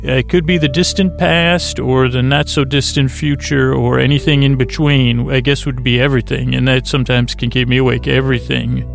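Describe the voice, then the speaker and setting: A man hosting a bedtime podcast in a soft, lulling, creaky voice, meandering goofily through asides and restarts, recorded in a closet. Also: medium pitch, little pitch movement, moderate pace, hardly any pauses, soft background music. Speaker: podcast host. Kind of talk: rambling bedtime podcast monologue.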